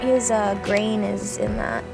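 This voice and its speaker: A woman's voice: medium pitch, steady tone, slow pace, creaky. A woman vlogging outdoors by a boat, chatting and cooing baby talk to her pet. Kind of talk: casual vlog chat. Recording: vlog with background music.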